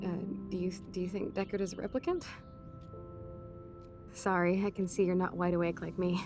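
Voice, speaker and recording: A woman's voice: on the low side, little pitch movement, normal speed, music in the background, lightly acted. An actress playing a rebellious young woman who talks casually, teasing and swearing, in a video game.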